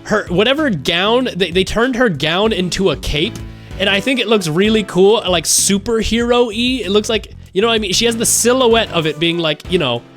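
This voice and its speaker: A young man streaming a game live, rambling and excitable with lots of fillers. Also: high voice, normal speed, soft background music.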